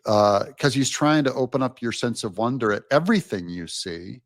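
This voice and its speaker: A man's voice: mid-range voice, animated, normal speed, dry recording, clean studio sound. A man on a podcast, musing reflectively about a book's ideas. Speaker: podcast guest. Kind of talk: casual book discussion.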